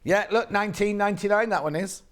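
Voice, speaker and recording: A woman's voice: medium pitch, fast. A woman presenting live on a TV shopping channel, chatting in a bubbly way and joking with the crew between product details. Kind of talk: live TV shopping sales chat. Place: TV studio.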